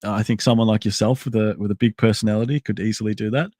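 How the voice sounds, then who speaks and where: A man's voice: on the low side, fairly even intonation, rapid-fire, a little mellow, no echo. A man hosting a casual livestream, thinking aloud in a rambling way with many restarts and answering chat messages. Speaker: livestream host.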